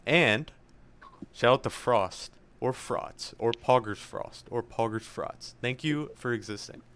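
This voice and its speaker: A young man co-hosting a podcast rambles through jokey thank-yous and shout-outs to listeners in a casual chat. His mid-range voice moves slowly and sounds fairly bright, clear and resonant.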